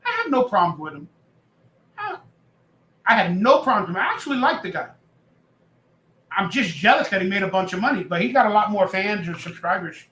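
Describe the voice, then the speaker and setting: A bright, high-voiced man hosting a loose live stream, chatting and reading viewer comments aloud. His voice rings out in an echoey room, relaxed and rambling. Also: brisk, pauses often. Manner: chatty, reads chat aloud, jokes and rambles. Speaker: livestream host. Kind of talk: casual live-stream chat.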